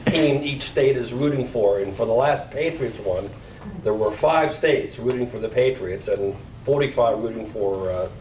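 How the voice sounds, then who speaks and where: A man's voice: mid-range voice, moderate pace, a little mellow, slight background noise. A man in the audience making a chatty, amused remark to the speaker. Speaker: audience member asking a question. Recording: distant, roomy audience audio.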